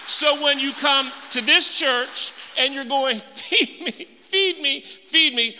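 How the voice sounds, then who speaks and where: A male pastor delivering an emphatic sermon in a church auditorium, driving points home through repetition. His voice sits high and sounds very bright. A long hall reverb trails each phrase, with faint music in the background. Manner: emphatic, repeats phrases for stress.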